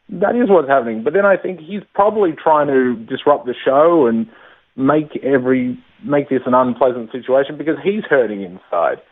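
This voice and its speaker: A man, a stand-up comedian, chatting casually in an interview, self-deprecating and laughing often. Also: fairly high pitch. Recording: tinny phone-line sound.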